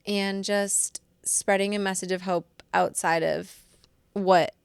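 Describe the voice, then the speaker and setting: A woman's voice: medium pitch, fairly even intonation, slow, creaky, clear, resonant tone, no room sound. A woman co-hosting a casual podcast chat, chatty and affirming, swearing freely as she talks. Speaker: podcast co-host.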